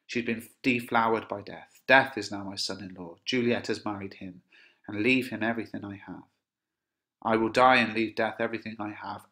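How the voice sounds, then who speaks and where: A man from England teaching a lesson on a play. He has a bright, sharp tone. He moves between dramatic readings of the lines and easy, plain explanations. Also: fairly low pitch. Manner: reads lines dramatically, then explains in plain casual words. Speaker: English teacher.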